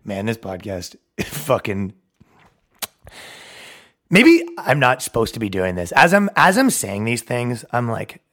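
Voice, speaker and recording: A man's voice: mid-range voice, very animated, normal speed, a bit bright. A young man hosting a solo podcast, brash, profane and opinionated, acting out both sides of conversations and laughing at his own jokes. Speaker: podcast host.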